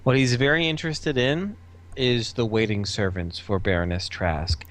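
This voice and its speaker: A man's voice: mid-range voice, fairly even intonation, normal speed, fairly bright tone, a little hiss or hum. A man talking as a player in a tabletop game, upbeat and chatty. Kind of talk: casual tabletop game talk.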